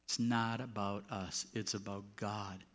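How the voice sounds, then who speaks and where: A pastor's fairly low, slightly bright voice barely moves in pitch as he preaches unhurriedly in the sanctuary. He's conversational, turning emphatic for key points, with popping from a handheld or clip mic.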